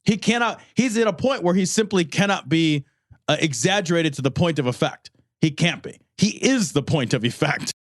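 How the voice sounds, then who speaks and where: A man's voice: on the high side, lively intonation, moderate pace, no echo, clean studio sound. A man co-hosting a podcast, chatting sarcastically and laughing often. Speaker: podcast co-host. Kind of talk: casual comedic chat.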